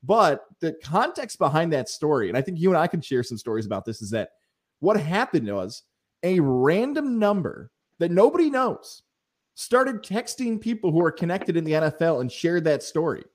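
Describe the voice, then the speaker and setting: A man's voice: on the high side, very animated, moderate pace, a little mellow. A man co-hosting a sports podcast, talking casually and acting out people in his stories.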